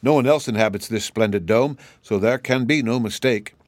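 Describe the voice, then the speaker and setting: A man's voice: medium pitch, moderate pace, dry recording, lightly acted. A man voicing a reasonable male king of the gnomes who explains things matter-of-factly. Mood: explaining.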